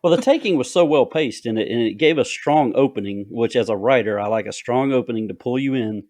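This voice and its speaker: A man's voice: medium pitch, fairly quick, a little mellow, no echo. A man with a Southern US accent, an author and podcast host chatting casually and rambling about writing. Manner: drawling, rambling storyteller.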